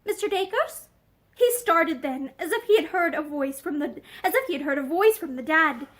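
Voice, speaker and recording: Very high-voiced woman reading a novel. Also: animated, moderate pace, fairly bright tone. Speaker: narrator. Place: indoors, room with bookshelves.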